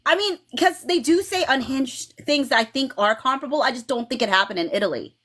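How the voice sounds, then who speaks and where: Lively, high-voiced woman hosting a fan chat. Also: a little fast. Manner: animated, laughs often, many restarts and okays. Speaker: livestream host.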